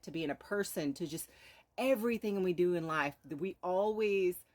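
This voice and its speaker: A woman hosting a live stream, earnestly telling a moral story and sprinkling in rhetorical "right?"s. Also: on the low side. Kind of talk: inspirational storytelling talk.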